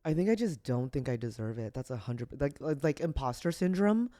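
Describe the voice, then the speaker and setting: Speaking briskly in a very deep, mellow, animated voice, a tearful woman comedian chats as a guest on a podcast. She rambles, uses plenty of "like" fillers, and teases herself.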